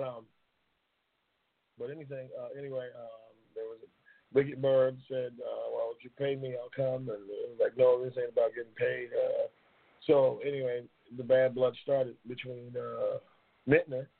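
A man's voice: medium pitch, slightly rough. A man hosting a casual live-stream talk show in a loose, slangy, rambling manner, repeating his phrases. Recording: tinny phone-like line.

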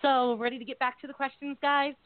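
A woman's voice: sits high, steady tone, quick pace, no room sound. Woman co-host, rambling chatty talk, dry close sound, tinny phone-line audio. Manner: gushing, rambling with many fillers. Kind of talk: casual live call-in chat. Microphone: call-in line.

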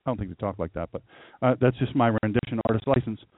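Male pastor, animated sermon delivery with asides to the room, dry tinny phone-quality sound. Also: on the low side, fast, no room sound.

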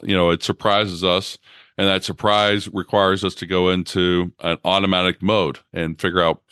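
A male podcast host with a very deep voice. His tone is smooth and resonant, and he explains things in a conversational way. The sound is dry and close. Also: a bit bright, no room sound. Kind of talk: podcast interview.

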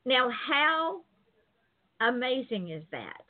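A woman's voice: high voice, sing-song, slow pace. Woman, interview host, casual chat, rambling storyteller, tinny phone sound.

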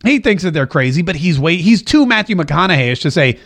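Guy hosting a talk show, kinda high voice, joking around, chatty asides. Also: sing-song, brisk, few pauses, fairly bright tone. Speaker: show host. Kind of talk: casual political commentary.

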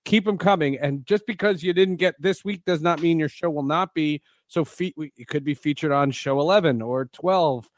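A man hosting a podcast, chatting casually and joking with his co-host. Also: on the high side. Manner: joking, quick banter.

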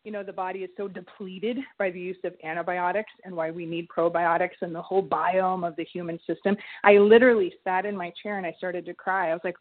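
A woman's voice: on the low side, brisk, hardly any pauses. A middle-aged woman, a holistic health coach, telling stories animatedly in a casual interview and acting out the voices she quotes. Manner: lively, animated storyteller, acts out quoted voices. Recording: tinny phone-like line.

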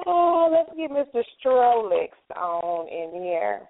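A woman hosting a casual evening chat show, talkative and quick to laugh. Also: fairly high pitch, sing-song. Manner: chatty, laughing often. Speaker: host. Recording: tinny phone-like call audio.

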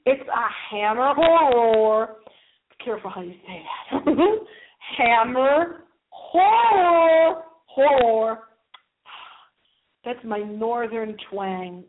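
A woman hosting a call-in internet radio show, campy and theatrical, teasing her listeners with swooping, drawn-out words over a tinny phone line. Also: medium pitch.

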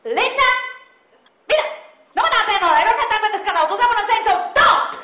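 Woman doing a loud Puerto Rican mom. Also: high voice, sing-song, normal speed. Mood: yelling. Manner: mixes Spanish words into English, emphatic. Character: excitable Puerto Rican mother, middle-aged. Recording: echoey tinny live recording with noise.

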